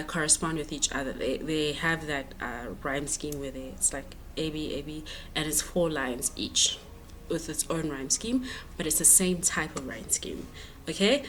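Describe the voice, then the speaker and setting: Woman teacher, low-pitched, halting exam-prep explainer, faint hiss behind. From South Africa. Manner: explains step by step, many fillers and restarts. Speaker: English teacher.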